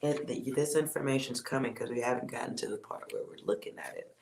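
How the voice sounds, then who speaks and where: Tarot reader, casual reading, blunt delivery, occasional swearing, mid-pitched, quiet sighing asides. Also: fast, creaky, a little hiss or hum.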